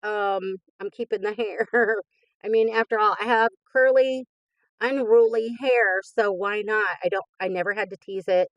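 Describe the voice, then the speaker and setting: Her voice is medium in pitch and steady in tone, her pace moderate, with no room sound. This crafting host in her fifties opens happy mail in a relaxed chat, gushing and laughing a lot.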